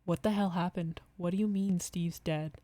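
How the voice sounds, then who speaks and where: A woman's voice: on the low side, steady tone, moderate pace, dark tone, no room sound, lightly acted. A woman voicing a blunt, skeptical young woman who is wary of a prank.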